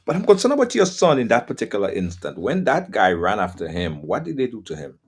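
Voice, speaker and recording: A man hosting an interview, affirming his guest and at times dropping to a soft near-whisper. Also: lowish voice, huge pitch swings, quick pace, breathy edge. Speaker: interview host. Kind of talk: supportive interview talk.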